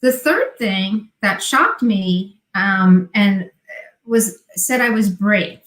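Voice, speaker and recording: A woman with a New Jersey accent, a guest on a video call, speaks slowly in a medium-pitched voice in an echoey room. In casual chat she tells stories animatedly, acting out the quoted dialogue.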